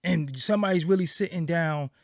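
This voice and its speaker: A man with a somewhat high voice gives casual commentary as an interviewer. He talks emphatically and repeats his points for weight. The sound is dry and close. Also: a little fast, dry recording. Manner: emphatic, repetitive, acts out quoted reactions.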